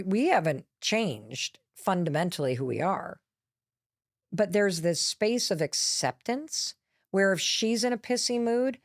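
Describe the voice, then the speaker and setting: A middle-aged woman, a motivational speaker appearing as a podcast guest, telling a candid, lively story and acting out quotes as she goes. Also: lowish voice, no echo, studio quality.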